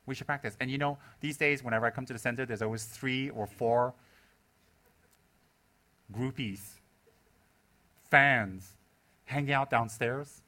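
A man, a Buddhist teacher, giving a humorous talk to his students, laughing often and mimicking people in squeaky voices. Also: unhurried, long pauses, bright, forceful tone.

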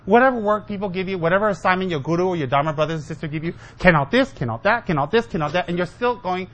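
A man's voice: high-pitched, lively intonation, rapid-fire, few pauses, fairly bright tone. A man giving a humorous Dharma talk as a Buddhist teacher, joking with and teasing his listeners and mimicking his students.

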